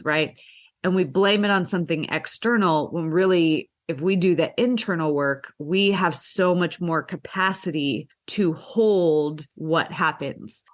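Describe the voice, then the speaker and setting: A woman's voice: fairly low pitch, a little slow. A young woman, a podcast guest, explaining things in an earnest, conversational way and acting out people's inner voices.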